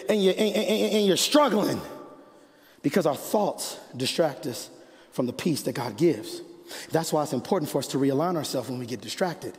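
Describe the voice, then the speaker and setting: A man preaching a sermon as pastor, swinging from loud, rising passages to hushed, quiet stretches. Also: on the high side, big-room sound.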